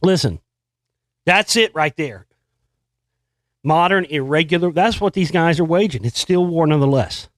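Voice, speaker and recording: A man's voice: fairly high pitch, normal speed, long pauses, no echo. A man hosting a show, casually riffing on news stories in a profane, rambling and sarcastic way. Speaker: host. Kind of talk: casual monologue commenting on news.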